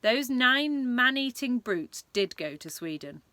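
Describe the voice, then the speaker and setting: A regal queen issuing crisp commands, imperious but composed. Her bright voice rises with a lively lilt, recorded close and dry, as a woman reading aloud puts her on. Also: a little high, unhurried, no room sound, pitched above the performer's own voice. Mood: commanding.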